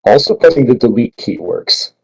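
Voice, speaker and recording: A man's voice: medium pitch, very animated, moderate pace, vocal fry, breathy edge, poor audio. A young man on a voice call during a game, chatting casually and swearing at his own mistakes. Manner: frustrated, swearing over mistakes. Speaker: co-player on a voice call. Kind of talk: casual gaming chat.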